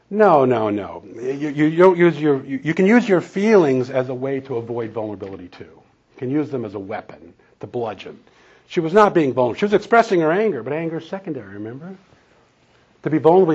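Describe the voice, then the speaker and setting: A man's voice: medium pitch, expressive, a little fast, husky, lo-fi sound. A man preaching a sermon in a conversational, storytelling way, chuckling now and then. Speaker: pastor and counselor.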